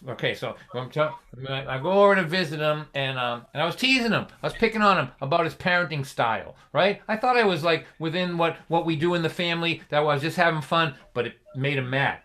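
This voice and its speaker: A man's voice: fairly high pitch, fast talker, hardly any pauses. A middle-aged man from Boston with a Boston accent, telling a comic family story on a live stream, acting out his father's lines. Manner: animated, acts out his father's lines with rising intensity. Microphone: live stream mic.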